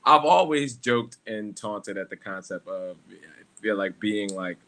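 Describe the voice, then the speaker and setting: A man's voice: lowish voice, lively intonation, measured pace, pushed and bright, a little hiss or hum. A young man hosting a casual solo livestream, rambling and joking at his own expense, swearing freely and laughing often. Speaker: livestream host.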